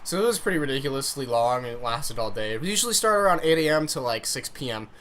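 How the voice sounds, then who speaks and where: A man's voice: mid-range voice, animated, quick pace, fairly bright tone, slight background noise. A young man casually telling a funny story on his vlog, rambling and swearing as he goes. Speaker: vlogger.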